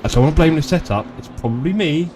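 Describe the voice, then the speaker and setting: Brit guy streaming sim racing, kinda high voice, jokey and self-deprecating, faint engine hum behind. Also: lively intonation, fast talker, darkish tone. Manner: chatty, joking, self-deprecating. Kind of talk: casual live-stream chat while racing. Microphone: desktop streaming mic.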